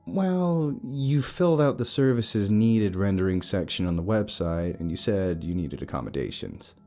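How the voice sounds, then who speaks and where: A male narrator voicing a brash, teasing young woman who works as a tour guide, bossy and sharp-tongued. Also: fairly low pitch, lively intonation, normal speed, faint music behind, lightly acted.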